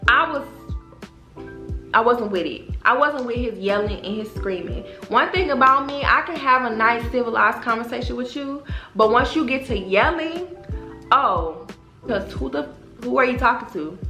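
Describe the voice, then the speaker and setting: A young woman vlogger telling a storytime in an animated, profane way, talking straight to her viewers. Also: fairly high pitch, normal speed. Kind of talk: casual storytime. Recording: roomy echo, faint background music.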